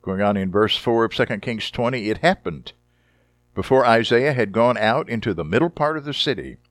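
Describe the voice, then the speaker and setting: A man preaching a sermon, reading Bible passages dramatically and deliberately and adding short wry comments. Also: mid-range voice, lively intonation, no echo, clean studio sound. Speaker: Bible teacher.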